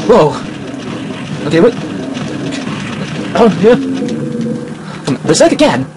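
A man giving live commentary while playing a shooter game, excitable and full of startled exclamations. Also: high voice, slow, noisy background. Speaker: let's play gamer.

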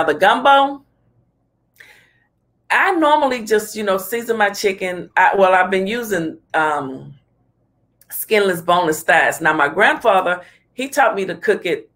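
A woman's voice: mid-range voice, a bit bright. A woman hosting a casual talk show, chatting and giving her own opinions on a cooking clip. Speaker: host. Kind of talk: casual commentary.

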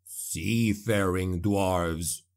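A man voicing a gruff dwarf slayer, speaking slowly with a growl. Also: deep voice.

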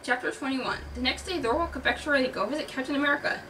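A woman's voice: high-pitched, rapid-fire, sharp tone, a little hiss or hum. Woman reading fan fiction with mock drama. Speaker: reader in character. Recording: distant mic with music behind.

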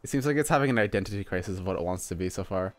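A young man with a deep voice commentates a role-playing game as he plays, talking in an animated, rapid-fire way. He swears often, laughs, and exclaims when something surprises him.

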